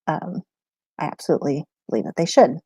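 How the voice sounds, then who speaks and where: A woman's voice: low voice, expressive, fairly quick, mellow, husky, dry recording. A woman in a casual livestream chat, answering viewer questions about homeschooling, rambling and laughing often mid-sentence.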